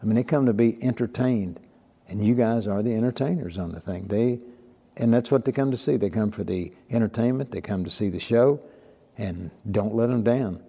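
An older man chats in a relaxed, folksy way, acting out the people in his stories. His voice is dark and mellow. The room rings with a long echo. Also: fairly low pitch, moderate pace, breathy edge. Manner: folksy storyteller, acts out quoted dialogue. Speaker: podcast guest. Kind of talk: casual storytelling.

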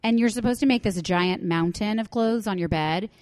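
A woman's voice: medium pitch, normal speed, darkish tone, no echo. Chatty self-mocking woman co-host. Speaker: podcast co-host. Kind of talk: casual chat.

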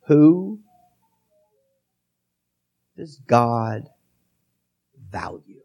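A pastor with a cold preaching a sermon into a microphone, reading scripture aloud and then talking it through in a conversational way. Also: male voice, mid-range voice, sing-song, extremely slow, warm tone. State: has a cold, coughing.

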